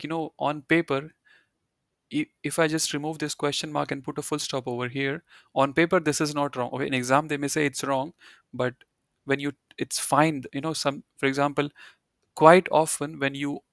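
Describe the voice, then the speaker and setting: A man's voice: a little high, fairly bright tone, dry recording, studio quality. A man teaching a German lesson, explaining step by step and often repeating key points with "you know" and "right". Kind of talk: live online language lesson.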